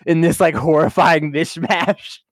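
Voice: mid-range voice, fairly even intonation, measured pace, no room sound, studio quality. A podcast co-host in casual review chat, talking loosely with lots of filler words and easy laughter. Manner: chatty, many "like" fillers, laughs easily.

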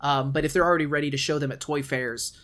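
A man's voice: fairly high pitch, fairly even intonation, fast talker, a bit bright. A man co-hosting a podcast in casual chat, hedging and trailing off with lots of "like". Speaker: podcast co-host.

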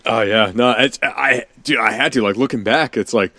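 A man's voice: medium pitch, normal speed, sharp tone, no echo, clean studio sound. A man chatting casually, rambling with fillers and restarts and laughing often. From Danish family. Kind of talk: casual chat.

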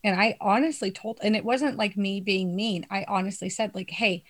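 A woman's voice: mid-range voice, moderate pace. A young woman in casual chat with friends, telling a story with lots of swearing and laughter.

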